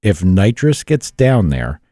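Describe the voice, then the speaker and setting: A man's voice: sits low, very animated, slow pace, dark tone, dry recording. A man hosting a car podcast in a studio, rambling casually and swearing freely. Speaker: podcast host.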